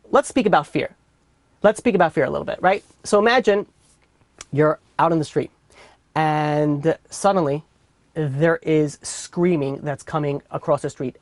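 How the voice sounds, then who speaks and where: A man's voice: a little high, no room sound. A man with a New York accent teaching an informal Torah class in a casual, chatty way full of fillers and restarts. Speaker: rabbi teaching a weekly class.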